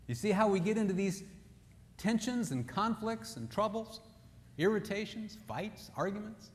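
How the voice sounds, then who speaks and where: Guy with a slightly high voice doing a funny marriage talk, acts out little scenes, big echoey hall. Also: expressive, moderate pace. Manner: jokey storyteller who acts out quotes. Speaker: marriage seminar speaker. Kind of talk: humorous seminar talk with scripture.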